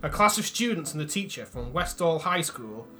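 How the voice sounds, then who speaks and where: A man's voice: a little high, sing-song, normal speed, over music. A man co-hosting a podcast in casual chat, joking and laughing as he reads a spooky story. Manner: jokey, laughing, slips into silly put-on voices. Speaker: podcast co-host.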